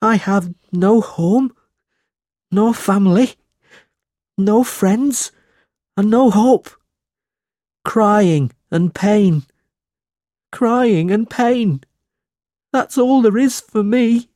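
A man's voice: animated, darkish tone, no echo, studio quality, heavily acted. A man voicing Smike, a wailing young orphan. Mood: despairing. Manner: high, slow, wailing. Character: miserable young male orphan drudge, despairing. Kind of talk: audiobook character voice.

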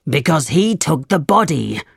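A stern, angry leader of thieves barking orders, as a storybook reader puts him on. The voice is gravelly and unhurried, each command laid down slowly. It sits close and dry, with no room around it. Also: medium pitch, very animated, dry recording, full character voice. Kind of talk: storybook reading.

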